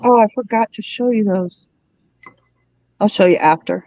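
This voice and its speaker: A woman's voice: mid-range voice, moderate pace, long pauses, dark tone, no echo, rough recording. A woman hosting a craft livestream, chatting casually and musing aloud as she works. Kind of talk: casual chat while crafting.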